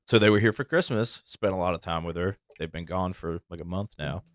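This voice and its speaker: A man's voice: sits low, brisk, dry recording, studio quality. A man hosting a casual podcast, telling stories in an easygoing way and laughing often. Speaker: podcast host, firefighter. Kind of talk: casual chat.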